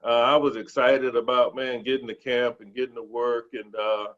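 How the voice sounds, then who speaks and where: A man's voice: mid-range voice, normal speed. Laid-back man, muffled audio. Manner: relaxed, warm storytelling with many "you know" fillers. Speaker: podcast guest, former football player. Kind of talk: casual interview conversation. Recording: dull lo-fi remote audio.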